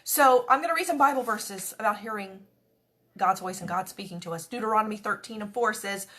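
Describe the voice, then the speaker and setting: A woman giving a devotional talk in a mid-pitched voice, chatty and earnest. She slips into short quoted prayers and asides while she teaches. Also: fairly quick, a bit bright. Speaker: devotional speaker.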